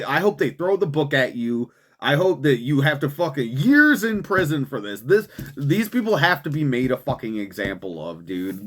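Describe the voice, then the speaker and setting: A young man hosting a commentary show, ranting angrily and swearing constantly, with frequent "man" and "dude" fillers. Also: medium pitch. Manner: profane, heated, swearing constantly. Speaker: host of a political commentary show.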